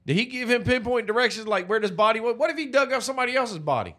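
A man's voice: high-pitched, fast. Profane man joking through a movie recap. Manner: profane, joking, animated retelling. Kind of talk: casual movie recap chat.

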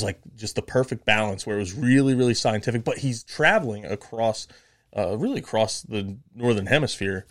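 A man co-hosting a podcast, chatting casually with fillers and laughs, then reading a book summary aloud. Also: on the low side. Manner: relaxed, rambling, laughs often, many fillers. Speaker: podcast co-host.

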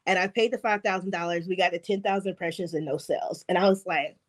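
A woman chatting as a podcast guest, telling animated stories. She laughs often and fills her speech with casual fillers. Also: fairly low pitch, fast, background noise. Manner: animated storytelling with acted-out quotes. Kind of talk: casual interview chat.

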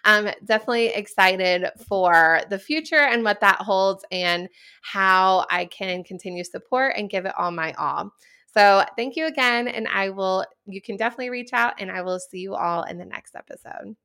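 A woman's voice: medium pitch, moderate pace, bright, forceful tone, clean tone. A woman hosting a podcast as an elementary STEM coach, talking casually in an earnest, encouraging way, with frequent restarts. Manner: restarts and fillers.

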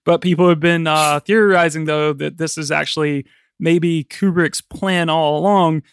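Man host, casual film chat, higher voice, dry close sound, laughs a lot. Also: steady tone, normal speed, smooth, no room sound. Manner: chatty, laughs often, swears casually. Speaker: podcast host.

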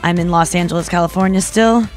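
A woman's voice: fairly low pitch, quick pace, faint music behind. A woman hosting a podcast in casual chat, rambling with lots of fillers. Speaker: podcast host. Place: Los Angeles studio.

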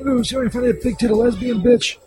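A man puts on a crude, lazy stoner intern with a very high, squeaky voice. He rambles, mocks and curses without a care, with music clearly playing behind him. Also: fast, a little mellow. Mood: careless.

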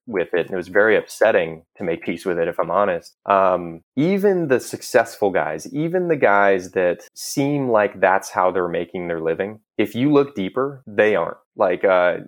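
A man in his thirties with a fairly low voice, chatting casually as a guest. He tells stories about himself in an animated, self-deprecating way and often laughs at himself. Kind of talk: casual conversation.

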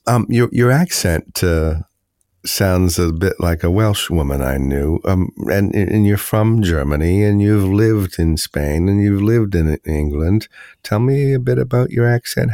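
A man hosting a podcast, asking relaxed, curious questions with some halting restarts. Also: lowish voice, dry recording, clean studio sound. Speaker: podcast host. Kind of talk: casual interview.

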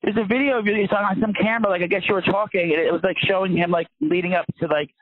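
Male podcast co-host, quick, high-ish, excitable gossip, phone-like sound. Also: no echo. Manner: excitable, gushing, lots of "like". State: a bit out of breath. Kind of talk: casual gossip chat.

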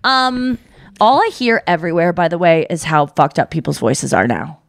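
A woman podcast host with a gravelly voice, talking candidly in a casual chat and playing with her pitch. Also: animated, moderate pace, no echo. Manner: shifts pitch to demo voice technique, voice-trained; candid, swears.

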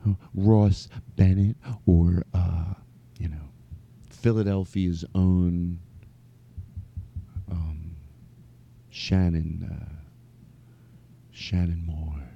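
A man hosting a comedy podcast, rambling through an improvised monologue and slipping between mock anger and silly falsetto singing. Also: fairly even intonation, extremely slow, creaky, long pauses, warm tone, slightly rough, highs cut off.

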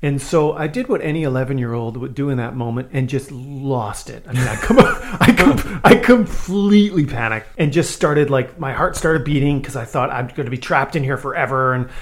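A man from Saskatchewan, Canada, telling a childhood story on a podcast, self-mocking and animated. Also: mid-range voice, normal speed, few pauses. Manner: animated, self-mocking, acts out scenes in loud voices. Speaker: podcast host. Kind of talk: casual storytelling.

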